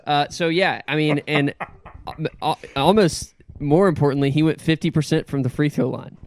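A man co-hosting a casual sports podcast, giving measured analysis and handing off to others. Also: fairly high pitch. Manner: measured, analytical, passes the mic. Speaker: podcast co-host.

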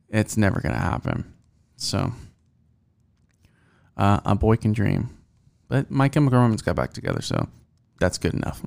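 A young man runs a casual solo podcast. His voice is somewhat low and gravelly with fry. He rambles loosely, swears freely and fills his talk with ums and restarts. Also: a little mellow. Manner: profane, rambling, with many fillers. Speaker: podcast host.

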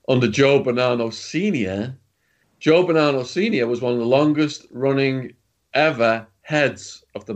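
Blunt man telling stories. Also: mid-range voice. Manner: blunt, swears freely. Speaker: guest, former prisoner and author. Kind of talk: casual storytelling.

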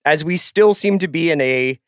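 A man co-hosting a podcast in casual chat, relaxed and joking with many fillers. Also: fairly high pitch, normal speed, no room sound, studio quality. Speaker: podcast co-host.

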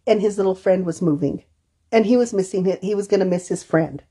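A woman's voice: mid-range voice, fairly quick, mellow, husky. Woman therapist telling client stories. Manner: storytelling, acts out quoted dialogue. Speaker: therapist co-host. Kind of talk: podcast conversation.

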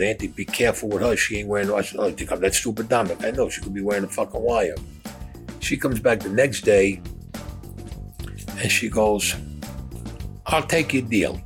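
A lowish male voice, captured on a low-quality recording, delivers blunt, profane stories about his own past in a casual style, often acting out what was said.

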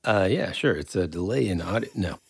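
A man's voice: low voice, animated, brisk, vocal fry, breathy edge, no room sound, clean studio sound. A man co-hosting a casual podcast, rambling and searching for words as he teases his partner. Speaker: podcast co-host.

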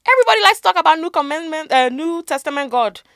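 A woman co-hosting a casual faith podcast, playful and animated, dropping into soft asides. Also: sits high, fast talker, dry recording, clean studio sound. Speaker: podcast co-host.

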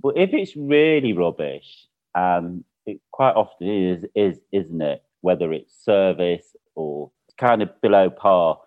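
A British man telling a lively anecdote in casual chat, laughing as he goes. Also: low-pitched, measured pace, few pauses. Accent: British English. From Britain. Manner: chatty storyteller, laughs often. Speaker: guest. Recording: phone-like narrow sound.

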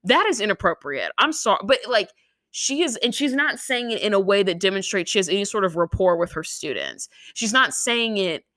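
A young woman co-hosting a podcast, chatting casually and telling a story with lively impressions of the people in it. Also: brisk, dry recording. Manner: animated storyteller, mimics people in shrill voices. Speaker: podcast co-host. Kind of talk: casual chat recapping a reality show.

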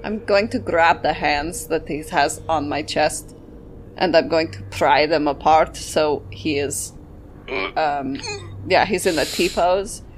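Give me a slow, unhurried woman describing her character's moves at a tabletop game. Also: sits low, slight background noise. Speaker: player.

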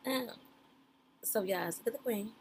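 A woman's voice: a little high, brisk, a little mellow, slight background noise. A woman giving casual, playful reaction commentary on a reality show, talking straight to her viewers in a slangy, chatty way. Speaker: reaction streamer.

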